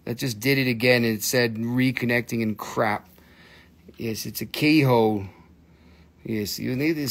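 A man hosting a live crystal sales stream from a phone, excitable, swearing freely and coaxing viewers to buy. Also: medium pitch, measured pace.

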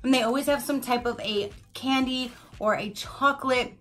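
A woman's voice: sits high, normal speed, a bit bright, faint music behind. Gushing chatty woman unboxing vlogger. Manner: gushing, chatty, many "like"s and "you guys". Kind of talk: casual product review.

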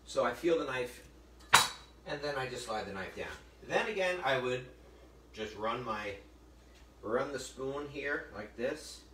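A chatty male chef talks viewers through a live cooking demo, joking and calling them folks as he goes. His voice sits at a middle pitch, picked up from a distance in a roomy, echoing space. A faint hiss of noise runs underneath. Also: lively intonation, measured pace, long pauses. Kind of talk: live cooking demonstration with storytelling. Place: kitchen or library demo room.

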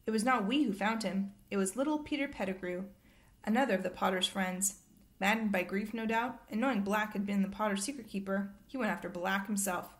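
A flustered, pompous middle-aged minister who turns evasive under questioning, as a woman puts him on while reading a storybook aloud. He grows loud and rattled when he talks about the past. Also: mid-range voice, a little fast, lightly acted. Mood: solemn.

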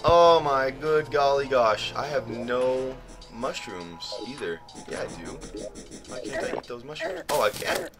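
A young man giving excitable let's play commentary, often shrieking in panic and blurting silly exclamations. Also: mid-range voice, unhurried. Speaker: gaming channel host. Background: game music.

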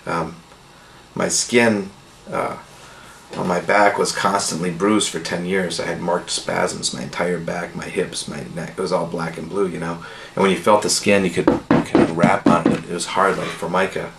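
Deep gravelly man telling his testimony. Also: fairly even intonation, normal speed. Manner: earnest, rambling with frequent "you know" and soft laughs. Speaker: testimony speaker. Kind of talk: casual testimony storytelling. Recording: echoey room with faint noise.

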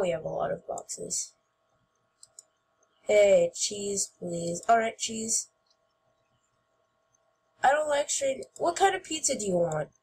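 A woman giving playful gameplay commentary as host, goofy and shouting mock-angrily at other players. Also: mid-range voice, a little hiss or hum.

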